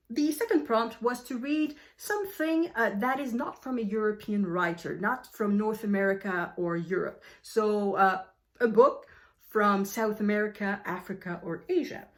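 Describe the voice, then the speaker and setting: A woman with a French accent chatting casually about her reading plans, a little out of breath, often correcting herself and filling pauses with ums. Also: fairly high pitch. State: slightly out of breath. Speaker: book vlogger. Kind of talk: casual book chat to camera.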